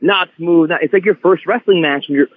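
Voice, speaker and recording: A man's voice: a little high, fairly quick. Man talking over a tinny phone line. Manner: animated storyteller, many restarts. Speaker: guest wrestler. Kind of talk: casual podcast chat.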